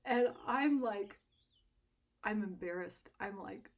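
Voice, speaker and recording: A woman telling a personal story in an animated, self-deprecating way, laughing often. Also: medium pitch, a little slow. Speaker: art instructor.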